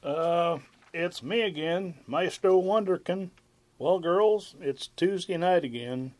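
A hesitant, wry lovelorn maestro. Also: male voice, high-pitched, slow, a little mellow, a little hiss or hum. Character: shy, lovelorn male music teacher neighbor, wry. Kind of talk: 1950s radio sitcom acting.

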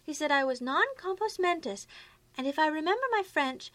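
An actress playing a scatterbrained, naive young secretary in a 1950s radio sitcom, with a high breathy voice. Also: female voice, expressive, fairly quick, fairly bright tone, dry recording.

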